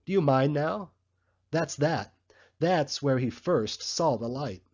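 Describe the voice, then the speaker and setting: A man voicing a bustling, grumbling male election canvasser in a storybook reading, with a husky, slightly muffled sound. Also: a little high, animated, a little mellow, full character voice. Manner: brisk, grumbling, complaining.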